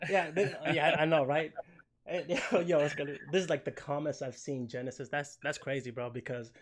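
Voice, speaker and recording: Young male podcast host, slightly high voice, loose and profane banter. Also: brisk. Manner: animated, joking, swears a lot, fillers like "you know what I'm saying". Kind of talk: casual chat.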